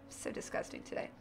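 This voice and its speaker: A woman streaming herself making a game character, chatting casually and joking with her viewers in a bubbly, irreverent way. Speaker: streamer playing a role-playing game. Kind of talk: casual livestream commentary, reading chat.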